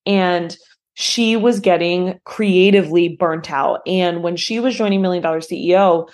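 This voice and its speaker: A woman's voice: lowish voice, normal speed, a little mellow. A woman hosting a podcast in a casual, rambling way, emotional and full of "like". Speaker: podcast host.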